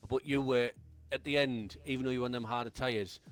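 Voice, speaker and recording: A man co-commentates on a live race stream, trading jokey, teasing banter with the drivers. His voice is mid-pitched, and faint music plays behind him. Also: steady tone, brisk.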